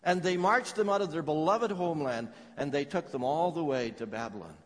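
A middle-aged male pastor with a slightly high voice delivers a sermon with dramatic swings between loud declarations and hushed, heavy lines. His voice carries a long reverb, as from a church sanctuary. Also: brisk.

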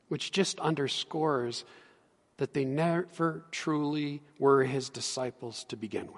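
Man preaching, pastor, earnest and emphatic, slightly high voice, long hall reverb. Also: slow, long pauses. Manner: earnest, rising to emphatic peaks. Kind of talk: sermon.

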